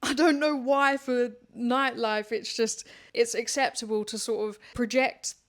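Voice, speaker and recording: A woman's voice: fairly high pitch, fairly even intonation, unhurried. A woman, hosting a podcast in a candid, slangy monologue that is often broken by laughter. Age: 30s. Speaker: podcast host. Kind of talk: casual monologue to listeners.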